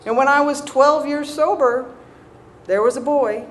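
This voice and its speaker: A woman with a Southern American accent, speaking a little higher than most, tells her recovery story to a crowd in a loose, conversational way. She pokes fun at herself and keeps checking in with the room. Faint hum from the live venue sits behind her. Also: a little slow. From Southern United States. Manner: self-mocking humor. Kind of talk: personal story told to an audience.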